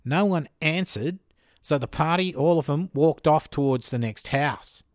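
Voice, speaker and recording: A man's voice: on the high side, a little slow, dry recording, studio quality. A man with an Australian accent hosting and narrating a true crime podcast in a conversational way, with joking asides. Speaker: podcast host.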